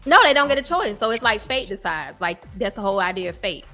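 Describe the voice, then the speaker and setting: A woman co-hosting a podcast in casual chat, talking in a slangy, emphatic, relaxed way. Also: medium pitch, quick pace, faint music behind. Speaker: podcast co-host.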